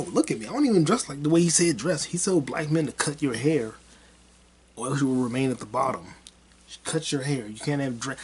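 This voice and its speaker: A man hosting his own podcast, rambling through a casual solo monologue in a crude, heated way and mocking people with repeated put-downs. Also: medium pitch. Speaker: podcast host.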